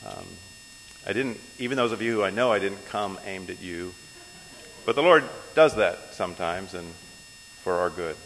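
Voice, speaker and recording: A man preaching a sermon from the pulpit in a church sanctuary, unhurried, with many pauses and ums between phrases. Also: low-pitched, a bit bright. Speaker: pastor. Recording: long hall reverb, faint mains hum.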